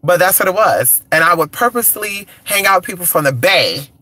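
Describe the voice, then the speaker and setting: On a casual live stream, a man from California talks in a high-pitched, sharp, animated voice, fairly quick and without echo. Flamboyant and sassy, he calls his listeners honey and cheers the chat on again and again with "come on," using a phone or computer mic.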